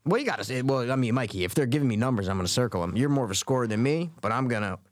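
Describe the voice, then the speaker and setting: A man's voice: mid-range voice, lively intonation, rapid-fire, no echo, clean studio sound. A man co-hosting a podcast in casual chat, rambling loosely and swearing as he talks. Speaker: podcast co-host.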